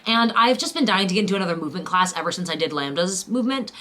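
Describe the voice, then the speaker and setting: A woman's voice: on the low side, lively intonation, racing, fairly bright tone. A young adult woman actor chatting casually to camera, bubbly and enthusiastic. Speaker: actor and vlogger.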